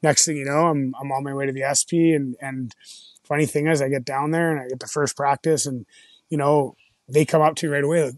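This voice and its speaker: A middle-aged former hockey player tells road-trip stories casually and ramblingly, packed with "like" and "you know," swearing and then apologizing. He speaks fast at medium pitch with a steady tone. The sound is dry, clean studio audio.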